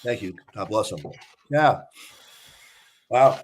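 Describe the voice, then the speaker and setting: A man's voice: lowish voice, takes it slowly, a crowd in the background. An older man, a retired fire chief, telling a personal story in a casual interview and acting out the dialogue. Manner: emotional storyteller, acts out quoted dialogue. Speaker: podcast guest, retired fire battalion chief.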